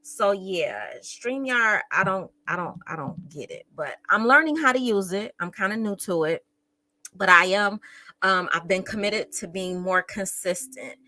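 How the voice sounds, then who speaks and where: A teacher hosts a casual true crime livestream, chatty and emotional, nearly in tears as she greets viewers in the chat. Her mid-range voice is pushed and bright, with lively intonation and a slightly slow pace, in a rough recording with no room sound.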